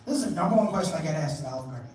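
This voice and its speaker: A man's voice: a little high, lively intonation, racing, background noise. A man doing a brash, profane stand-up set, then bringing up the next comic as emcee. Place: comedy club stage. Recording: echoey club room from a distance, crowd.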